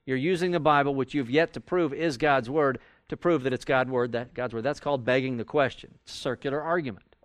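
A man's voice: mid-range voice, a little fast, dry recording. Man, Bible class teacher, conversational, acts out arguments, dry recording. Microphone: recorded for audio with a live class.

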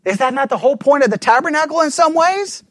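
Guy preaching a sermon, pretty high voice, dry close sound, keeps asking the crowd questions. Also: lively intonation, quick pace, fairly bright tone, no echo. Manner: emphatic, asks the congregation rhetorical questions.

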